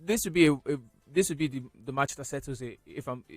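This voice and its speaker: A man's voice: medium pitch, fast talker, crowd noise. A man on a radio sports panel giving his view with many ums and restarts. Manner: hesitant, lots of ums and restarts. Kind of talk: casual sports talk.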